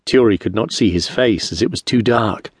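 A man narrating an audiobook in a measured, expressive storytelling manner, close to a studio mic. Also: fairly low pitch, slightly rough, no echo. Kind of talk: scripted narration.

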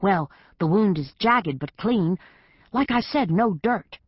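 A woman's voice: mid-range voice, animated, husky, no room sound, highs cut off. A woman doing a bossy tiger cat. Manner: brisk, commanding.

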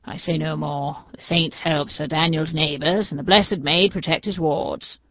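A woman's voice: low-pitched, fairly even intonation, unhurried, dry recording. A woman voicing a blunt, complaining peasant man in an audiobook. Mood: bitter. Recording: dull, dry audiobook recording.

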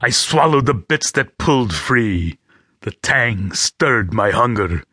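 A man's voice: mid-range voice, expressive, slow, bright, forceful tone, husky, no echo. A man reading a first-person audiobook with gritty, vivid storytelling, close to a studio mic. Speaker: audiobook narrator.

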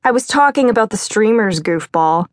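In an audiobook, a woman narrator plays a lively grown woman from a busy Greek family, brisk and teasing, in a lightly acted style. Her pitch is medium, and the dry recording has clean studio sound.

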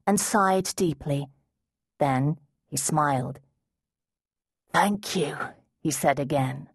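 Husky woman narrating a fantasy story. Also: low voice, dry recording, studio quality. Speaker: audiobook narrator. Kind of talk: scripted narration.

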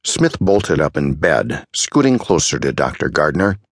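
Deep husky guy reading an audiobook, slow and dramatic, dry sound. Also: very animated, no room sound. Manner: measured, dramatic storytelling. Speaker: audiobook narrator. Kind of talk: scripted narration.

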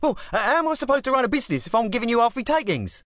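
A man voicing a small, cocky one-eyed club boss with a thick East London drawl, high and indignant. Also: sing-song, rapid-fire, a bit bright, dry recording, clean studio sound, exaggerated voice.

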